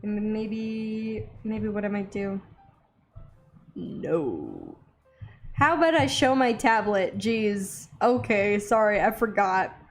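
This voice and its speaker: A young woman hosting an art channel, chatting casually and excitedly while she draws, rambling with lots of little gasps. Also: mid-range voice, a little slow, hardly any pauses, soft background music. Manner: bubbly, easily excited, rambling. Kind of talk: casual chat while drawing.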